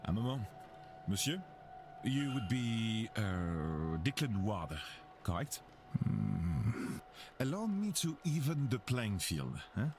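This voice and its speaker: A man voicing a formal male French academic and debunker, with a put-on French accent and a measured, probing manner. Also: fairly low pitch, very animated, noisy background, full character voice. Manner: measured, formal, slow questioning. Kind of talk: reading game dialogue aloud.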